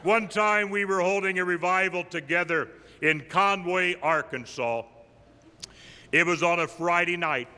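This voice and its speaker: Older man telling folksy stories, bright voice. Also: high voice, a little slow, clear, resonant tone. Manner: humorous anecdotal, with deadpan punchlines. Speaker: evangelist giving a tribute. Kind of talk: folksy storytelling tribute. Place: large camp meeting hall. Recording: live in a big reverberant hall.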